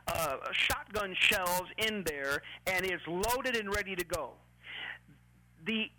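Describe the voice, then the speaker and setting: Bright-voiced emphatic preacher. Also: medium pitch, a little hiss or hum, rough recording. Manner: emphatic, deliberate preaching with repeated phrases. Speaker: pastor. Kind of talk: sermon. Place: church.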